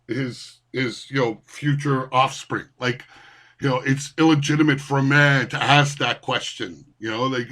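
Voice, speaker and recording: Man ranting angrily, higher-pitched voice. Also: a bit bright. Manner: heated, swearing, repeats words and restarts. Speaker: vlogger ranting. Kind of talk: angry profane rant.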